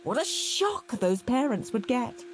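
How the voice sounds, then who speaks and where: A woman reading a children's story aloud, slow and very lively in pitch, with plenty of expression. A steady humming noise sits behind her voice. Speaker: storybook reader.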